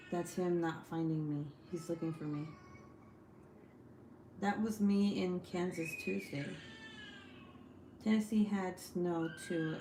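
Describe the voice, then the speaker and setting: A young woman hosting a casual craft livestream, reading out comments, rambling and swearing casually between laughs. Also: fairly low pitch. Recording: echoey room with faint hiss.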